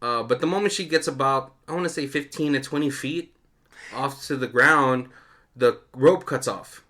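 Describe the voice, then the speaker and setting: Podcast co-host, male, bright tone, lively storyteller in casual chat. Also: mid-range voice, moderate pace. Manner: animated storytelling with frequent laughs. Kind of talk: casual movie commentary chat.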